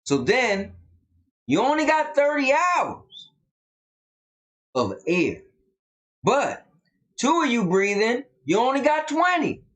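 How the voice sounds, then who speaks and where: A man's voice: extremely high pitch, huge pitch swings, slow pace, pauses often, a bit bright. A man with a Southern US accent co-hosting a casual live stream, drawling and emphatic as he tells a story. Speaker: co-host.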